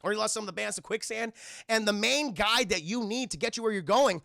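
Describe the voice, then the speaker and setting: High-pitched, gravelly young male streamer. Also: brisk, bright, forceful tone, dry recording, studio quality. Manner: profane, rambling, keeps addressing chat. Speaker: film reviewer streaming live. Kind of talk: casual profane film recap.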